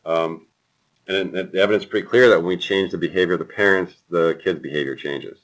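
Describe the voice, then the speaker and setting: Deep-voiced man giving a casual lecture. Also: fast talker, low-quality recording. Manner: relaxed and chatty, lots of ums and anecdotes. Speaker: university lecturer. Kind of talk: classroom lecture.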